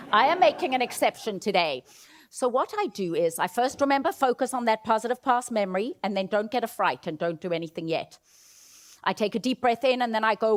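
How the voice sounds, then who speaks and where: Woman, motivational keynote, auditorium stage, coaching audience, fairly high voice. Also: slight background noise. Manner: animated, leads audience in vocal exercises. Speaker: keynote speaker.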